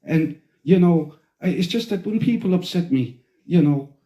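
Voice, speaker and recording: A man putting on the voice of a pious Irish Catholic housekeeper woman with a fiery temper, in a put-on Irish accent, sweet and churchy but quick to snap into swearing. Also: high-pitched, animated, mellow, pitched above the performer's own voice. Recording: roomy echo.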